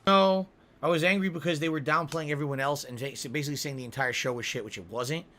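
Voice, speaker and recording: Man, slightly high voice, ranting and defensive, hammers points by repeating himself. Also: fast, bright, forceful tone, a little hiss or hum. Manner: ranting, insistent, repeats words for emphasis. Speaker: online video creator. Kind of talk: heated monologue.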